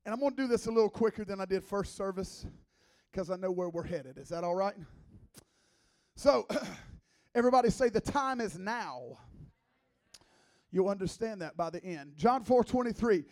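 A man's voice: sits high, a little fast. A man in his thirties preaching as a guest, a joking, conversational sermon full of teasing asides. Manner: playful, teasing, lively asides.

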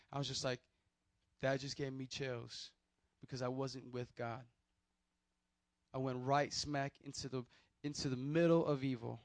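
A man who is a pastor, telling a personal testimony as a sermon in an animated storytelling way and calling out to his listeners. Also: mid-range voice, no room sound. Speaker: youth pastor.

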